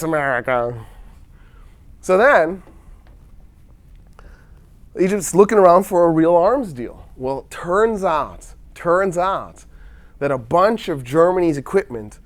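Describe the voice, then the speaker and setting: A man with a slightly high voice tells history in a relaxed, lecture-like way. He acts out the nations in quick bits of quoted dialogue and drops in wry asides. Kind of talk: casual storytelling lecture.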